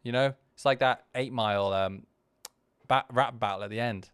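A man's voice: mid-range voice, normal speed, fairly bright tone, smooth. A man hosting a podcast, giving casual, candid commentary on his own video in a rambling way full of restarts. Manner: candid and self-deprecating. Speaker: podcast host.

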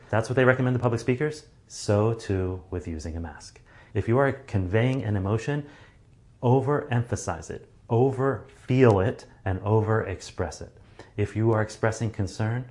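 Guy with a lowish voice giving speaking tips, lively, restarts a lot. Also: moderate pace. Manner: animated, demonstrates delivery with acted examples; frequent restarts and fillers. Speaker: public speaking coach. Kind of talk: solo talk, advice monologue.

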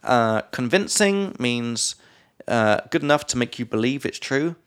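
A man's voice: medium pitch, animated, unhurried, a bit bright, clear, resonant tone. A young English man with an English accent co-hosting a podcast, casually explaining vocabulary and joking between terms. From England. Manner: laughing, loose and playful, drops into silly voices. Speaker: podcast co-host, English teacher.

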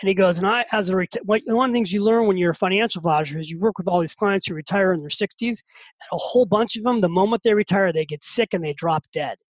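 A man in his fifties, a podcast guest and author telling a story in a lively, animated way and often repeating words as he gets excited. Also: sits high, quick pace, no room sound, low-quality recording. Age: 50s. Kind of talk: casual storytelling.

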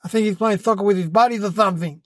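An adult takes on the role of a cheeky young boy running his own podcast, bragging, rambling, fibbing and calling everyone "mate" in a comedic character monologue. The delivery is rapid-fire in a natural, mid-range voice, and the recording is dry.

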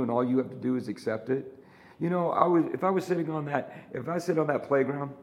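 A male pastor delivers an earnest sermon, repeating his phrases and piling up rhetorical questions. His voice has a gravelly edge in the low notes. The sound carries the roomy echo of a large church room. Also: a little mellow.

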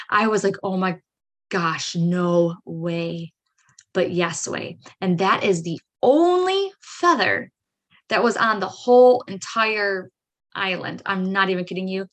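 On her podcast, a woman with a medium-pitched voice shares a personal story in a chatty manner. She leans heavily on "like" and "right?" and acts out her own excited reactions.

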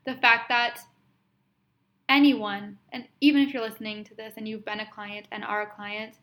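A woman hosting a podcast, tearful and sniffling as she earnestly tells a story, laughing softly between phrases. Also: mid-range voice, steady tone, a little fast. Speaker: podcast host and Reiki practitioner. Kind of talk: casual solo podcast storytelling.

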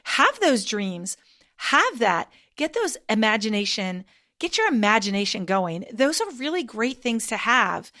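Chatty homeschooling mom hosting a podcast, slightly high, encouraging delivery. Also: female voice, big pitch swings, measured pace, bright, forceful tone. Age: adult parent. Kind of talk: casual advice monologue.

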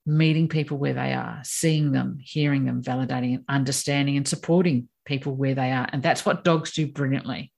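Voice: medium pitch, steady tone, a little fast, creaky, few pauses, darkish tone. A course teacher explaining ideas in an emphatic conversational way, acting out quoted voices. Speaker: course teacher on personality animals.

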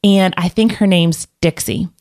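Lady telling a story, kinda low voice, lots of ums and restarts. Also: fairly even intonation, a little slow, a little mellow. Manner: rambling, many restarts and fillers, laughs often. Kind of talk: casual storytelling.

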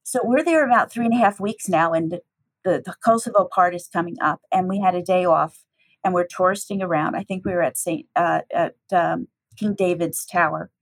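A woman's voice: brisk, slightly rough, low-quality recording. A middle-aged woman from the United States, a teacher, telling a personal story with animation and acting out the dialogue. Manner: lively, acts out dialogue with shifting pitch.

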